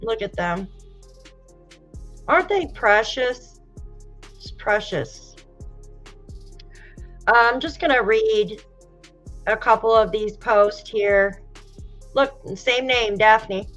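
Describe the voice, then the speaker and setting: A woman hosts a casual livestream and talks in a slow, unhurried way, addressing her viewers and fighting back tears. The audio is dull and lo-fi, and faint music plays behind her. She sighs often between her words. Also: a little high, fairly bright tone. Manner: talks straight to viewers, greets chat. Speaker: true crime livestream host. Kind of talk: casual livestream commentary, reading posts aloud.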